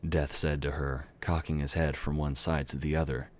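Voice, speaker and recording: A man narrates a dark fantasy tale, moving along at a steady pace and now and then going back to fix a slip. His voice is extremely deep and rumbling throughout. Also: normal speed. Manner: steady narration with occasional self-corrections. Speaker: amateur story reader. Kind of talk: dramatic reading of fan fiction.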